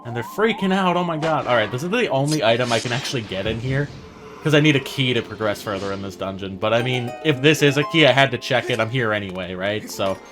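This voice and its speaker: Man, let's play commentary, mid-pitched voice, chatty and rambling, soft music behind. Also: animated, quick pace. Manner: chatty, thinking aloud, laughing at himself. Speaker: gaming channel host.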